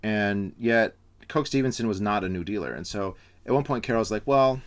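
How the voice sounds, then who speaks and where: A man's voice: fairly low pitch, moderate pace. A man giving a casual spoken book review, rambling with frequent fillers and restarts.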